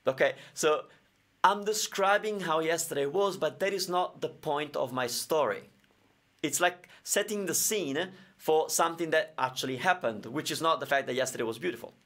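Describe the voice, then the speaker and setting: A man's voice: on the high side, normal speed, a bit bright. A man with Italian as his first language, teaching grammar in a live-streamed question and answer lesson, explaining with everyday examples.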